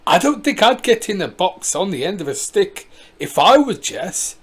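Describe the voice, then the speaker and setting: A reader doing a gentle village vicar. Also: mid-range voice, big pitch swings, moderate pace, slightly rough. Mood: mild.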